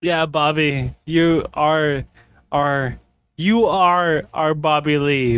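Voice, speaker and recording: Man, drunk, rambling, repetitive, slow-talking, higher-pitched. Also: fairly even intonation, a bit bright, clean tone, dry recording. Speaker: podcast co-host. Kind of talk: casual chat.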